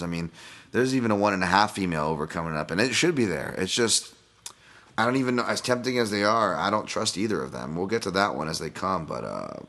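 A man's voice: low-pitched, fairly bright tone. A man hosting a podcast, giving a casual solo breakdown of fights and betting picks in a profane, joking, rambling way. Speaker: podcast host.

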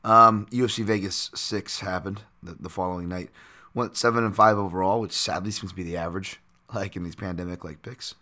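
A man hosting his own podcast with a raspy voice, rambling casually with fillers and self-corrections. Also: low voice, steady tone, a little fast, bright, forceful tone. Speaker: podcast host.

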